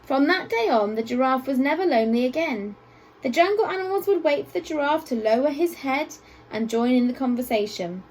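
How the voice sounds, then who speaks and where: A woman teacher reading a picture book aloud to children at a school assembly, with expressive storytelling and playful asides. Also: high-pitched, fairly quick, rough recording.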